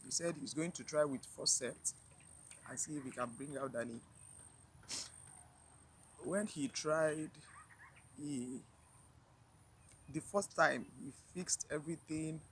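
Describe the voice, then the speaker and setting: A woman tells a personal story to her viewers, emotional and near tears, halting and repeating herself with sighs. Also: deep voice, slight background noise, poor audio. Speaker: vlogger.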